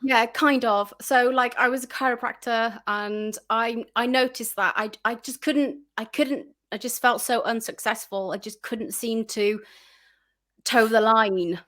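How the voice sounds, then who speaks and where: A woman's voice: on the high side, steady tone, unhurried, a bit bright. A woman guest chatting casually in an interview, full of fillers and restarts, acting out her own reactions.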